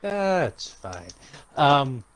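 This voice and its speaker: A man's voice: medium pitch, sing-song, very slow, low-quality recording. A young man co-hosting a casual podcast chat, rambling and jokey, swearing often. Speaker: podcast co-host.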